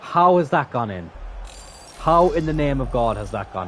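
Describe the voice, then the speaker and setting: A young man commentating his own football video game match as a streamer, swinging from calm remarks to frustrated, swearing outbursts. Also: mid-range voice, moderate pace, slight background noise. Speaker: gaming streamer. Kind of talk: live gameplay commentary.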